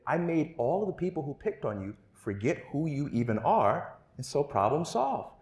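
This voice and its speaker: A man's voice: fairly high pitch, big pitch swings, moderate pace, a little mellow, voice pushed up. A man voicing a boastful superhero for hire who is pleased with himself, in a roomy hall. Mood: smug. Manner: smug, boastful. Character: greedy smug male superhero for hire.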